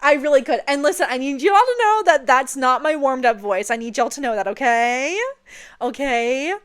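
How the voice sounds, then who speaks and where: A woman's voice: high voice, normal speed, clear, resonant tone. A young woman chatting playfully while seated, often checking in with "okay?". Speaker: vlogger. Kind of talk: casual chat.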